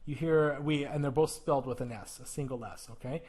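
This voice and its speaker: This male teacher talks a little fast in a husky, darkish, medium-pitched voice. He explains plural sounds in a video lesson, speaking to the viewer, asking "okay?", and exaggerating his demonstrations as he flips through a textbook.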